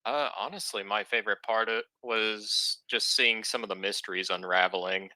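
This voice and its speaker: A man player in a tabletop game, speaking in a thoughtful, relaxed way. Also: on the low side, moderate pace, no room sound, low-quality recording. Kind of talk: casual tabletop game chat.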